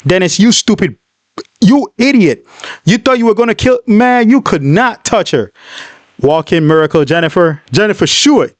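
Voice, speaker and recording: Excitable man reacting out loud. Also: sits high, measured pace, no echo. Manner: effusive, talks back to the video, blunt insults. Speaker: reaction channel host. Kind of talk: emotional reaction commentary.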